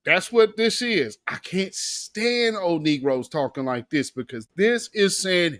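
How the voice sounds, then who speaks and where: A male host giving a slangy, sarcastic political commentary monologue, emphatic and animated. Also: sits high, measured pace, hardly any pauses, no echo, clean studio sound.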